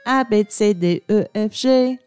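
A woman's voice: medium pitch, measured pace, darkish tone, clean tone, soft background music. A woman co-hosting a comedy podcast, teasing her partner in a playful, schoolteacherly way. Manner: teasing, quiz-mistress style. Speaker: podcast co-host. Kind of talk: casual comedic banter.

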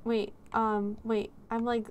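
A woman's voice: fairly high pitch, flat delivery, slow pace, clean tone. A woman streaming a horror game, chatting with sarcastic jokes and giggles as she plays. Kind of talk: live game commentary.

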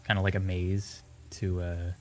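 A young man describing his build in casual gaming chat, relaxed and halting. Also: low voice, a little hiss or hum. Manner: relaxed, halting, lots of fillers.

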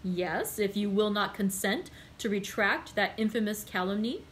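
A woman's voice: mid-range voice, lively intonation, normal speed, slight background noise, close to an everyday voice. A woman reading the part of a proud, angry young male nobleman in a storybook reading, with clipped, demanding delivery. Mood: indignant.

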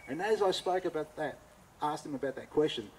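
Animated Australian man telling a story. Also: a little high, brisk, slight background noise, low-quality recording. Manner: animated, acts out both sides of dialogue. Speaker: cooking teacher giving a talk. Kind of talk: anecdotal storytelling talk.

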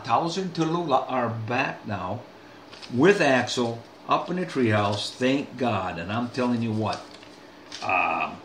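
A man's voice: mid-range voice, a bit bright, slight background noise. An older man talking straight to his viewers in a folksy, rambling way, full of restarts and asides. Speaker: vlogger. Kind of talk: casual rambling monologue. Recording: echoey room, faint ambience.

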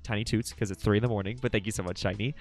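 A young man hosting a late-night livestream, chatting casually and breaking into excited high squeals. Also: racing, soft background music. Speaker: livestream host.

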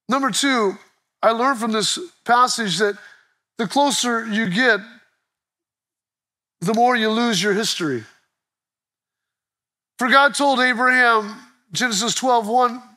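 A male pastor preaching a sermon, telling stories in an animated way with quick restarts. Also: very high voice.

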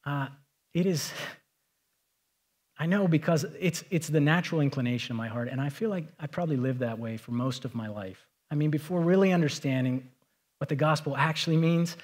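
A man's voice: a little high, fairly quick, a little mellow. A middle-aged man preaching a sermon as pastor, talking in a conversational storytelling way that rises to emphatic points.

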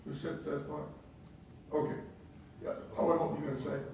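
Bible class teacher, male, slightly high-pitched, restarts a lot, distant mic in a reverberant room. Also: level tone, a little fast, vocal fry, a little mellow. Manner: questioning, repeats words and restarts. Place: church classroom. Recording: echoey room from far off, faint hiss.

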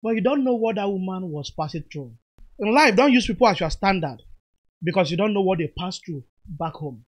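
A man talks through clips in a relaxed, explanatory way, pausing to moralize. His voice sits fairly high for a man. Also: husky. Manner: unhurried, explanatory, moralizing asides. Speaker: commentary vlogger. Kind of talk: casual commentary over video clips.

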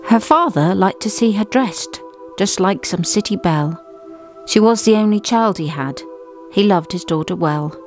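A woman, co-host of a craft and history show, reciting verses of an old poem in a measured way. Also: medium pitch, lively intonation, faint music behind. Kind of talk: reading a poem aloud.

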